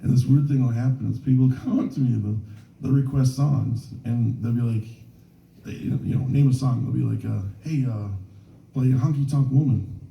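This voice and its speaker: A man's voice: mid-range voice, fairly even intonation, normal speed, vocal fry, dull audio. A man performing live in a small bar, telling rambling, self-mocking stories between songs with many restarts. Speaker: singer-songwriter performing live. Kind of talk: stage banter between songs. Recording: roomy bar room from a distance. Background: guitar.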